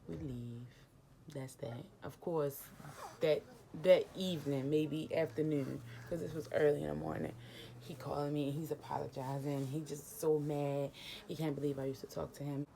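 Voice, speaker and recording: Young woman w a low voice telling a storytime, super animated and emotional, faint hiss behind. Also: vocal fry. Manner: animated, emotional retelling with quoted dialogue. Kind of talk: casual storytime vlog.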